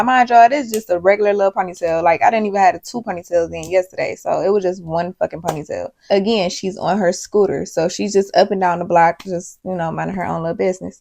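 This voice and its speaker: A young adult woman telling a casual storytime vlog story, animated and swearing freely. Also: mid-range voice, gravelly. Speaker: vlogger.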